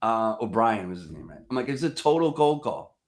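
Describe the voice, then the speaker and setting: Animated New man telling stories. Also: fairly low pitch, brisk. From Staten Island, New York. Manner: animated, acts out both sides of calls. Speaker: podcast guest, sales rep. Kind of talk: casual chat, storytelling.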